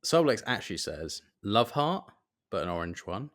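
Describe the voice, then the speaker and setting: A man's voice: lowish voice, big pitch swings, moderate pace, fairly bright tone. A man co-hosting a podcast in casual chat, crude and joking as he reads out listener messages. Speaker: podcast co-host. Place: half in a bathroom, half in a bedroom. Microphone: mic resting on a small outdoor table.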